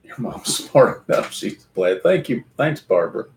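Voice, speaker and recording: A middle-aged man with a Kentucky accent and a hoarse voice, hosting a live stream, chatting and joking as he reads viewer comments. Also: medium pitch, big pitch swings, moderate pace, slight background noise. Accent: Southern US, Kentucky. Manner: chatty, joking, laughs often. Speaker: livestream host. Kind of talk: casual live chat reading viewer comments.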